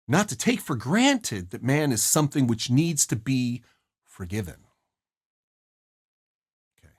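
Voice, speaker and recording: A man's voice: mid-range voice, breathy edge. A man presenting a study guide, explaining a novel's scene and song lyrics in an earnest, emphatic way. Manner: earnest, emphatic, rises sharply on key phrases.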